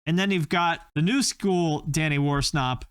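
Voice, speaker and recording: Male host, slightly high voice, rambling comedic riffing, dry close mic. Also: a little slow, clean tone, no room sound. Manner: rambling, joking, with filler-heavy tangents. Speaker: YouTube host. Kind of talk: comedic casual commentary.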